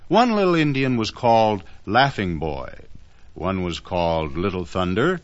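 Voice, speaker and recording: Male narrator for a children's story, lively melodic reading, gentle asides, dull lo-fi old recording. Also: deep voice, a little slow.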